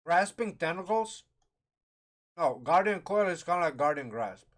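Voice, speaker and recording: A man with a slightly high voice talks through a game rulebook on a live stream, thinking aloud as he goes. He rambles and restarts his sentences, and he is eating while he talks, so his words come out through a mouthful of food. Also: expressive, normal speed. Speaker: streamer reviewing a game sourcebook. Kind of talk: casual live-stream commentary.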